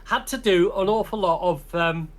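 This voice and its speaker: High-voiced British man telling a rambling story. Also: normal speed. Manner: chatty storyteller who laughs often and restarts sentences. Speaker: podcast host. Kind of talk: casual chat, rambling anecdote.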